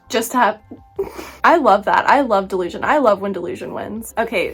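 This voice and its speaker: A young woman vlogging about a book she just read, talking casually with animated, exaggerated asides and frequent laughter. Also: medium pitch. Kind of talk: casual book review vlog.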